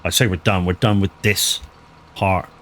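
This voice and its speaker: A live streamer with a fairly low-pitched, fairly bright voice chats with his viewers while he plays. His intonation is fairly even and his speed normal as he rambles through a story, full of stammered restarts and loose, sweary talk.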